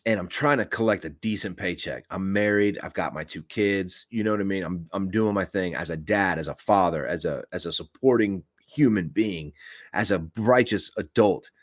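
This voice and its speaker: Guy with a real low voice telling a work story, blunt and cussing, acts out the quotes, dry close sound. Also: normal speed, no echo. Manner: blunt and profane, animated retelling with acted-out quotes. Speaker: podcast host. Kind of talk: unscripted storytelling rant.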